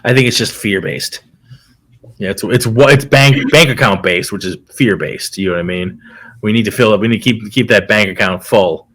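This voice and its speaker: A man co-hosting a casual podcast chat, relaxed and agreeable, drawing out his phrases. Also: lowish voice. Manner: relaxed, drawn-out phrasing, agreeable, lots of "you know what I mean". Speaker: podcast co-host.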